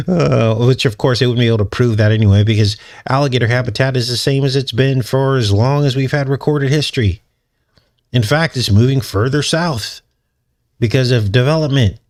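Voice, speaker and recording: A man's voice: mid-range voice, darkish tone. Man, channel host, casual commentary monologue, sarcastic, mocking, chuckles often, mid-range voice.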